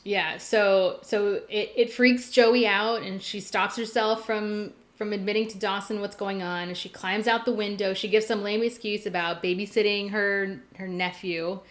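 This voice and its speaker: A woman co-hosting a podcast, talking casually and relaxed as she walks through a plot. She fills her talk with fillers and restarts. Her pitch is an ordinary middle for a woman. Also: normal speed, few pauses.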